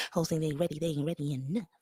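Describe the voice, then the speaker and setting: A woman's voice: low voice, steady tone, brisk, sharp tone, husky, dry recording. A woman hosting a live-stream gossip commentary in a sassy, mocking way, full of slang. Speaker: livestream commentator.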